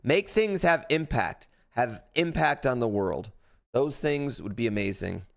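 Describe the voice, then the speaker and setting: A man's voice: mid-range voice, animated, measured pace, creaky. A man streaming live, reacting in a blunt, rambling way, with lots of fillers and swearing. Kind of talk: casual livestream reaction chat.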